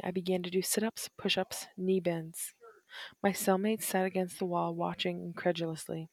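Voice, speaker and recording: Woman narrator, low voice, measured reflective memoir reading, dry close sound. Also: darkish tone, dry recording. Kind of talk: reading a first-person memoir aloud.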